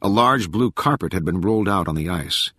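A man narrating an audiobook in a measured, even reading with a husky voice. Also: deep voice, no echo, clean studio sound. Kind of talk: scripted narration.

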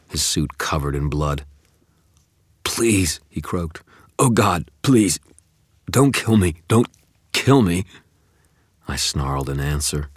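Male audiobook narrator with a very deep voice, intense and brooding, close and dry sound. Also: no room sound. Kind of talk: first-person audiobook narration.

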